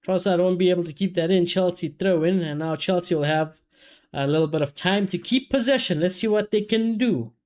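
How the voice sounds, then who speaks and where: A man, casually commentating a football match for his live chat and reacting loudly to chances. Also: high voice, brisk. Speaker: streamer hosting a football watchalong.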